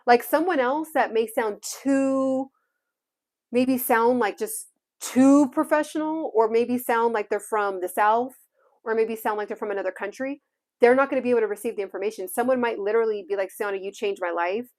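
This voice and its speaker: A woman's voice: fairly high pitch, moderate pace, a little mellow. A young woman with a Californian Valley girl accent, chatting casually on a livestream and saying "like" constantly. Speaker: YouTuber livestreaming to viewers.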